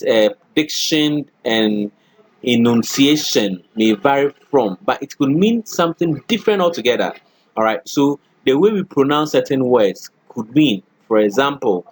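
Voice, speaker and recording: A middle-aged man lecturing a college class, often checking in with "okay" and "all right" and acting out spoken examples. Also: mid-range voice.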